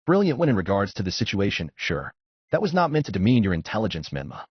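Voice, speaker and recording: A man voicing a cryptic, calm young male ninja who talks down casually, on a dull lo-fi recording. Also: lowish voice, fast talker, slightly rough, dry recording, full character voice. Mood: condescending.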